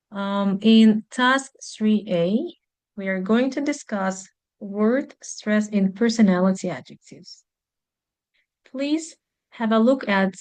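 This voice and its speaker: Woman, English teacher for a video lesson, unhurried, mid-pitched, explains step by step with fillers. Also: darkish tone. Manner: slow, careful explaining with "um" and "like".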